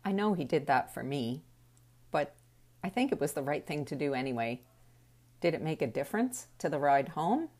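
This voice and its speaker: A woman's voice: sits low, very animated, normal speed, a little mellow. A middle-aged woman telling a personal story in a wry, reflective way.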